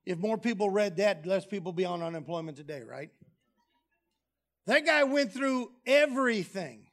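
A man preaching a sermon, lively and humorous, dropping low and soft on key phrases. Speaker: pastor. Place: church sanctuary.

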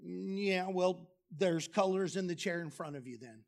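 Male pastor, high-pitched voice, animated sermon delivery, jokey asides, sudden soft low drops. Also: measured pace, vocal fry. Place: church sanctuary.

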